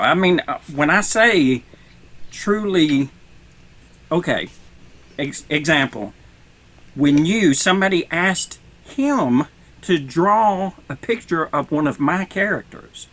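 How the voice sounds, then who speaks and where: A man with a Southern US accent, an animated storyteller who laughs often, chatting on a group live stream. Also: fairly high pitch. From American South. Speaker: TikTok creator.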